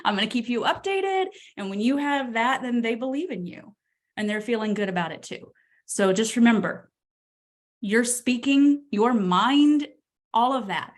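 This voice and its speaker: A woman's voice: fairly high pitch, animated, moderate pace. A woman coach on a group call who talks bluntly and with energy, laughing often. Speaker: real estate coach.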